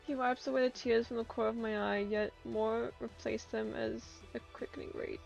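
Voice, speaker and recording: A woman's voice: fairly high pitch, steady tone, normal speed, creaky, a little mellow, lo-fi sound, soft background music. A woman streaming a story game, reading its narration aloud and breaking into laughs and outbursts.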